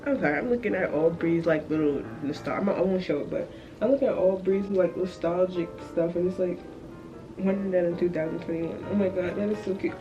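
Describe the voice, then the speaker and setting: A woman's voice: lowish voice, brisk, muffled recording, music in the background. A young woman in her twenties chatting casually to the camera, telling a story as a rant and laughing often. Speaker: vlogger. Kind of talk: casual vlog chat.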